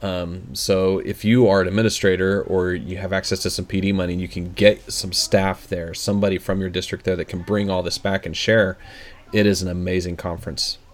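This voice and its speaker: A man's voice: sits low, level tone, brisk. A man co-hosting an education podcast, talking in an upbeat casual way with frequent restarts. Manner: enthusiastic, restarts often. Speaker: podcast co-host. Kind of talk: casual chat.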